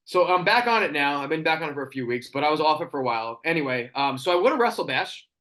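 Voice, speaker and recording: Excitable male podcast guest, quick, a bit high-pitched, loves telling stories. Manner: excitable storyteller, quotes people in put-on voices. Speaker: podcast guest, wrestling cosplayer. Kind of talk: casual podcast chat.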